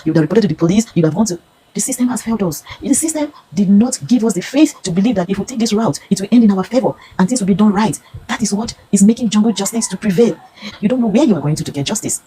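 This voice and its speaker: Nigerian woman, 50s, earnest testimony, rapid-fire delivery, mellow low tone. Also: a little hiss or hum, low-quality recording. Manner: earnest, pleading, storytelling. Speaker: consumer reviewer. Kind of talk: emotional personal testimony.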